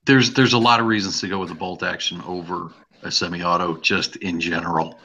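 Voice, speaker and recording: A man co-hosting a gun podcast, talking casually with a joking, drawn-out delivery. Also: low-pitched, fairly even intonation, bright, forceful tone, lo-fi sound, a little hiss or hum. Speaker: podcast co-host. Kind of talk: casual chat.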